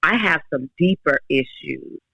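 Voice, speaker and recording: A woman's voice: sits low, expressive, measured pace, gravelly, bright, forceful tone, breathy edge, no room sound, low-quality recording. A woman in her forties, a podcast guest, telling her faith story earnestly with many restarts. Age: 40s. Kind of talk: casual faith talk.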